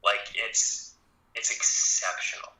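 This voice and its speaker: A man's voice: slow pace, echoey room, a crowd in the background, low-quality recording. A man being interviewed as a goaltending analyst, talking thoughtfully and hedging his points with frequent restarts.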